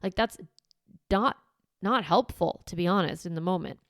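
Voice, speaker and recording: A woman's voice: lowish voice, normal speed, fairly bright tone, no room sound, clean studio sound. A woman parenting coach hosting a casual podcast. She talks animatedly and acts out the lines she would say to an upset child.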